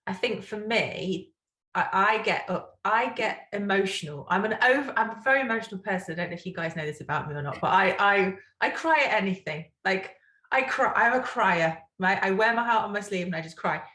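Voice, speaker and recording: A woman chatting quickly and openly on a podcast, often checking in with her listeners. Her voice sits mid-range and carries a noticeable roomy echo. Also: medium pitch, expressive, sharp tone. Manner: emotional, quick, talkative, tags remarks with "right?". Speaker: podcast co-host. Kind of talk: casual chat.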